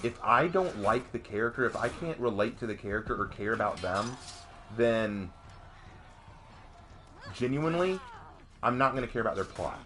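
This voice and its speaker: Animated man ranting on a stream. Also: normal speed, pauses often, slight background noise. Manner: animated, emphatic, voice jumps high in outbursts. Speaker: streamer and commentator. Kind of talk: heated casual ranting on stream.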